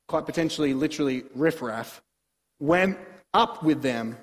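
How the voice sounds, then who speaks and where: A man preaching a verse-by-verse sermon, his fairly high voice swinging from quiet asides to emphatic bursts. The sound carries a long reverb, as in a large church hall. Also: expressive, normal speed. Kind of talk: sermon, Bible exposition.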